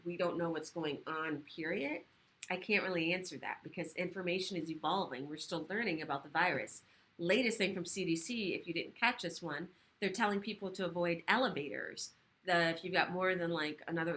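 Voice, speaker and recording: A woman sexual health educator hosting a casual livestream chat from her living room, talking fast and animated, swearing casually. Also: fairly low pitch.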